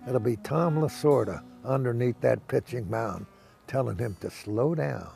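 A man with a gravelly, creaky voice reminisces in a relaxed, folksy way, a former ball club manager telling old stories. Faint plucked guitar plays underneath him. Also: mid-range voice, moderate pace. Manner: folksy storyteller, acts out the voices in his stories. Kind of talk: reminiscing casual talk.

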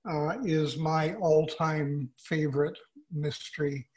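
Flat-toned older man, halting and measured. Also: fairly high pitch, poor audio. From Canada. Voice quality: measured, halting with many fillers. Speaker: author guest. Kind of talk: casual interview.

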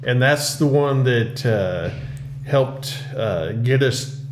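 A middle-aged man, a winery co-owner, answering interview questions in a casual, halting way with many fillers and restarts, recorded in a tasting room. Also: medium pitch, lively intonation. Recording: roomy tasting room, faint hum.

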